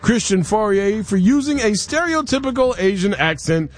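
A man's voice: high-pitched, expressive, normal speed, soft background music. A man hosting a sports talk radio show, reading news and adding wry, incredulous commentary. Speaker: radio host.

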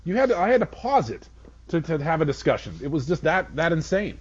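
A man's voice: fairly high pitch, sing-song, brisk, husky, lo-fi sound. A man appearing as a guest on a talk radio show, chatting with enthusiasm and laughing often. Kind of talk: casual talk radio chat.

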